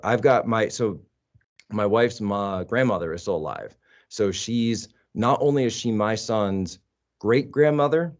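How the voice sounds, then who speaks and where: A man talking as a guest in a casual conversation, rambling and often breaking off to restart his sentences. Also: on the low side. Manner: rambling, self-interrupting. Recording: dull lo-fi sound.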